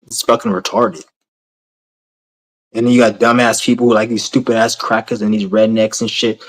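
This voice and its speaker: A man's voice: mid-range voice, normal speed, poor audio. A man ranting to his camera in a blunt, rambling, heavily profane way, repeating himself as he goes. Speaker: vlogger.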